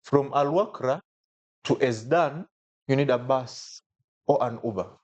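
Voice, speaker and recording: A man telling a personal story as a podcast guest, animated, with frequent restarts and jumps in pitch when quoting others. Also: measured pace, highs cut off.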